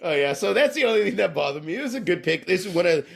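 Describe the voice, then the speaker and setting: Gravelly-voiced man ranting in casual chat. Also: high-pitched, fast talker. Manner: profane, animated, laughing while ranting. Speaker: podcast co-host.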